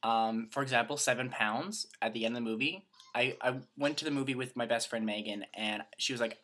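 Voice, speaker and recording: A man's voice: medium pitch, fast talker, few pauses, pushed and bright. A young man from Canada chatting to camera in a rambling, self-mocking vlog. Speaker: vlogger. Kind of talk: casual chat to camera.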